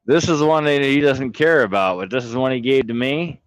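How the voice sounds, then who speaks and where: A man livestreaming, ranting theatrically with heavy swearing and mockery, jumping from mutters to shouts. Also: mid-range voice, fairly quick, clear, resonant tone, dry recording, muffled recording. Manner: theatrical, swings from mumbling to shouting. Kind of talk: profane livestream rant.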